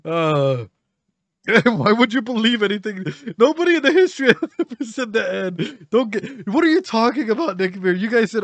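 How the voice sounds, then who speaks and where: A man's voice: high voice, expressive, normal speed, no echo. A man giving casual reaction commentary as a streamer, emotional, laughing often and swearing.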